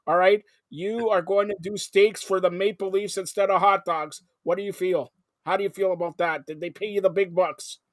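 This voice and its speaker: A man hosting a live broadcast, talking in an excitable, rambling way that jumps between topics. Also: high-pitched, normal speed, no echo, studio quality. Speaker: host. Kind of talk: live call-in broadcast chat.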